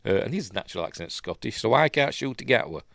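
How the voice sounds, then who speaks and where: A man's voice: medium pitch, lively intonation, fast, creaky, a bit bright, no echo, studio quality. A man with a Yorkshire accent hosting a live news stream, rambling and opinionated with muttered asides. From Yorkshire, England. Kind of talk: casual live stream commentary.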